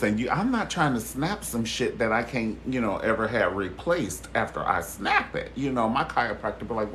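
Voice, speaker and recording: Male stream host, sassy and expressive, very lively pitch, casual gossip with his viewers. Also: a little hiss or hum. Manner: sassy and expressive, calls listeners honey and baby; swears freely and laughs loudly. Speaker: host of a live chat stream.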